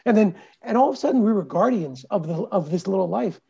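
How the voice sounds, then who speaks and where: A man's voice: high-pitched, fast, gravelly, hardly any pauses, slightly rough, dull audio. A man, a podcast guest, earnestly retelling childhood memories in casual conversation. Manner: earnest, animated retelling with acted quotes. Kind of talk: personal storytelling in conversation.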